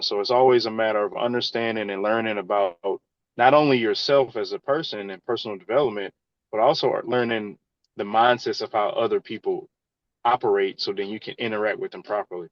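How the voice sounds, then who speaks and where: A man's voice: fairly low pitch, steady tone, a little fast, dry recording, highs cut off. A man, an engineer in real estate, answering interview questions in an earnest, conversational way. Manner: earnest, advice-giving, conversational.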